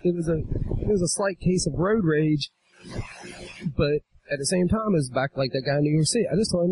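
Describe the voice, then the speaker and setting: A man in casual podcast chat, swearing freely and growing animated as he retells a quarrel. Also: on the high side, brisk, a little hiss or hum, low-quality recording. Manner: profane storyteller, animated when retelling a quarrel. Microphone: drifts from the mic at times.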